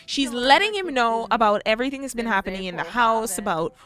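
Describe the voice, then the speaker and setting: A young woman narrating a life-simulation game story in a chatty, animated way. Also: a little high, brisk, crowd noise. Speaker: gameplay storyteller. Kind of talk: casual narrated gameplay storytelling.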